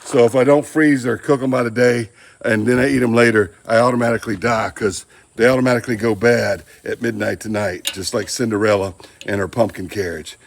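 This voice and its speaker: A man's voice: mid-range voice, fairly even intonation, a little fast, vocal fry. A man demonstrating barbecue at an outdoor grill, with folksy joking asides. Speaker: barbecue channel host. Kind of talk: casual cooking demonstration.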